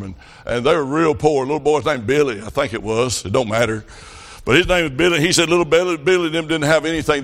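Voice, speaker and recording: Southern male preacher, middle-aged, slightly high voice, folksy, climbs to fervent shouting. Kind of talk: revival sermon.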